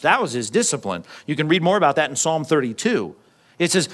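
A man preaching a sermon, talking to the congregation in a relaxed, conversational way. His voice sits a little on the high side for a man. He acts out the quotes he reads and drops in jokey asides. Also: quick pace. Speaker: pastor.

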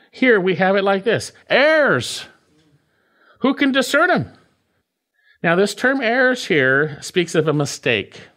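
A man's voice: a little high, fairly bright tone. A man preaching an expository sermon, explaining word meanings and repeating key phrases with emphatic stress. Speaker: pastor.

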